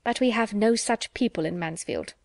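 A woman's voice: mid-range voice, normal speed, darkish tone, no echo, close to an everyday voice. A fussy, talkative housewife from a period audiobook, as a woman puts her on, chattering through her complaints with a raised, busier voice. The reading is dry and close, with no room sound. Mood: fretful. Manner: chattering, put-upon complaining.

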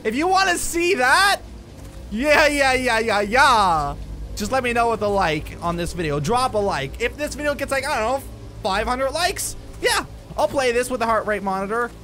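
A man's voice: very high voice, big pitch swings, moderate pace, bright, forceful tone. A young man playing a horror game and commenting on it, jumpy and exclaiming, with bursts of nervous laughter. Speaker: gaming YouTuber. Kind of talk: horror let's play commentary.

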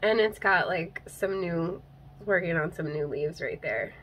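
Her voice low-pitched yet fairly bright, with lively intonation and an unhurried pace, a young plant vlogger unwraps things in a casual unboxing. She's gushing and teary, laughing and crying as her voice catches. The handheld recording is low quality with slight background noise.

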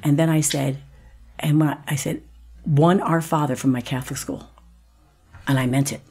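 A woman's voice: rumbling low, steady tone, normal speed, mellow, breathy edge. A woman, a guest actress on a podcast, telling a personal story vividly, acting out the other voices and dropping to a whisper at times.

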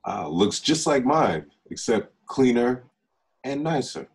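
A man's voice: medium pitch, very animated, takes it slowly, slightly rough, full character voice. A man reading the part of an easygoing young man with a dry delivery at a table read over a video call. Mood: casual.

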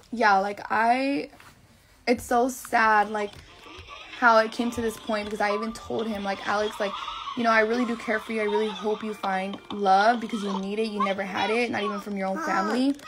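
A woman's voice: medium pitch, steady tone, normal speed, a little hiss or hum. A young woman telling a long personal story on a live stream in a rambling, profane, emotional way. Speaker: livestreamer.

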